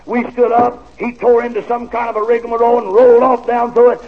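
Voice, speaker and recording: Folksy preacher telling a story. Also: male voice, extremely high pitch, brisk, few pauses. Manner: folksy, animated storytelling with laughter and drawled asides. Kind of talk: storytelling sermon. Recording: dull old radio-style recording with faint hiss.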